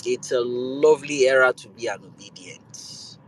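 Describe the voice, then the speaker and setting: A Nigerian man hosting a show, delivering an impassioned political rant that swings between calm and loud. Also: mid-range voice, moderate pace, rough recording. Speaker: show host.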